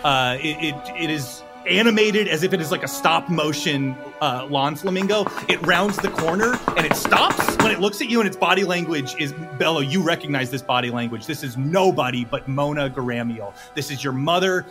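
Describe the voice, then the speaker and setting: A man's voice: on the high side, animated, normal speed, hardly any pauses, music in the background. A man narrating a tabletop game as game master, rambling with many fillers and frequent laughs.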